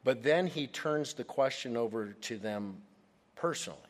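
A man's voice: mid-range voice, lively intonation, normal speed, long reverb tail. A man preaching a Bible study sermon, leaning hard on key words for emphasis. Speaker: pastor.

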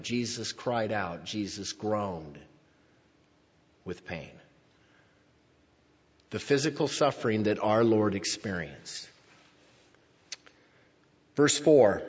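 A man delivers a sermon at an unhurried pace, his voice slightly husky as he draws out the words he wants to land. The recording is muffled and dull, with a long reverb trailing off around a church sanctuary. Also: on the low side, expressive. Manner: slow deliberate preaching, drawn-out emphatic words. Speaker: pastor. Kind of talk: sermon reading and explaining scripture.

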